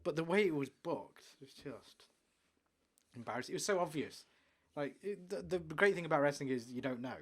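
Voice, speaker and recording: A man co-hosting a podcast, chatting enthusiastically about sport and trailing off quietly at the ends of lines. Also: a little high, expressive, normal speed. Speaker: podcast co-host. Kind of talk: casual sports chat.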